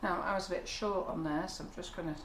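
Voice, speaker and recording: A woman's voice: fairly low pitch, fairly even intonation, fast, a bit bright. A woman running a live cake decorating demonstration, chatty and teasing. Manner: chatty, teasing, laughs often. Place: kitchen. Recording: echoey kitchen with background noise.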